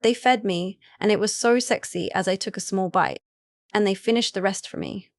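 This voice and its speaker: A woman narrating a first-person romance audiobook in an even, unhurried reading voice. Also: mid-range voice, dry recording, clean studio sound.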